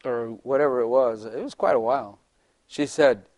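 A man's voice: medium pitch, normal speed, darkish tone, dry recording. An older man, a pastor, giving a humorous, chatty sermon, often laughing and acting out little voices.

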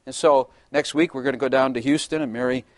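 A man's voice: mid-range voice, steady tone, quick pace, no echo. An older man, a pastor, giving a humorous, chatty sermon, often laughing and acting out little voices.

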